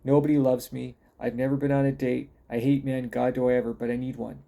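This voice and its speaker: A man's voice: mid-range voice, flat delivery, brisk, creaky, warm tone, lightly acted. A man voicing a fierce, bitter woman veteran who barks hostile outbursts, in a read-aloud story. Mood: self-pitying.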